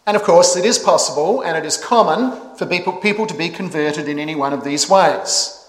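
A man delivering a sermon with a measured, emphatic cadence, pausing between phrases. His voice sits a little high for a man. It rings out through a reverberant church hall with a long echo. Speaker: preacher. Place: church sanctuary.

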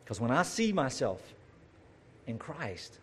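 A man's voice: mid-range voice, big pitch swings, slow pace, fairly bright tone, slight background noise. A man preaching a conversational sermon, talking straight to his listeners with asides and rhetorical questions.

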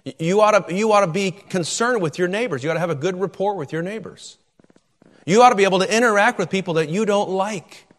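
A man's voice: high-pitched, fast talker, big-room sound. A man preaching a sermon, emphatic and repeating words as he drives his points home.

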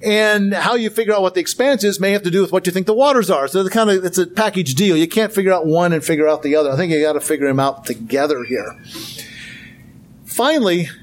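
A Bible teacher gives a lecture with slides, speaking fast in a high-pitched voice. He's earnest, poses rhetorical questions, and repeats words for emphasis.

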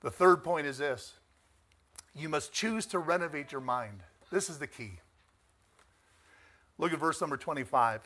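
A man preaching a sermon, emphatic and rising to near shouts on key points, asking the congregation for amens. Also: a little high, expressive, measured pace, pauses often.

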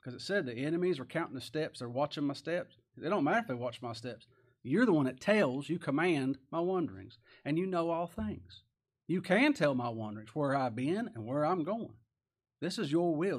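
A man preaching a sermon as pastor, folksy and humorous, swinging between soft, quiet lines and loud, rising emphasis. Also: on the high side, lively intonation, moderate pace.

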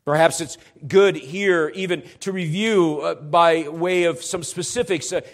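A man's voice: a little high, fairly even intonation, unhurried. A middle-aged man, a pastor, preaching an expository sermon to his congregation, with earnest explanations that rise to emphatic urgency.

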